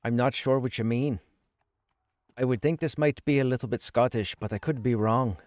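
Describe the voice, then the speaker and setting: A man's voice: medium pitch, moderate pace, darkish tone, no room sound, studio quality, pitched above the performer's own voice, close to an everyday voice. A man putting on a shaky, hesitant attempt at a Scottish-sounding voice. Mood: uncertain. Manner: hesitant, rambling, unsure.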